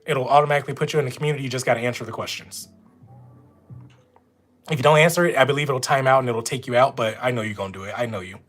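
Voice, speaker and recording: A man's voice: mid-range voice, racing, fairly bright tone, soft background music. A man with a Louisiana accent, chatting casually with viewers on a live stream from home. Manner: chatty, talks straight to viewers. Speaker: notary running a live stream. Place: at home with dogs nearby.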